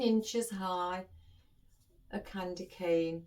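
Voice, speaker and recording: A woman's voice: medium pitch, slow pace, darkish tone, a little hiss or hum. A woman florist chatting to her viewers in a casual vlog, emotional and holding back tears. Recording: voice a bit far from the mic.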